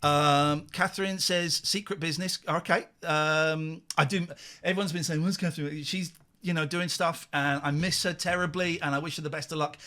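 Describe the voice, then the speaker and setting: A man's voice: on the high side, fairly even intonation, normal speed, few pauses, bright, forceful tone. A man hosting a late-night live phone-in show, chatting and joking with callers in a teasing way. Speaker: radio phone-in host. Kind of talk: casual live phone-in chat.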